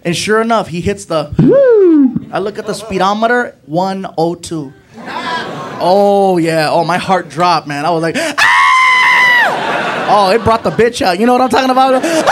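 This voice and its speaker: A young man with a high, light voice tells a rambling stand-up story, jumping into excited impressions of his friends and a police officer. The live club recording is thick with background noise. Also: a little fast, raised voice, over a noisy crowd. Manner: animated, acts out friends and a cop in raised voices. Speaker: stand-up comedian.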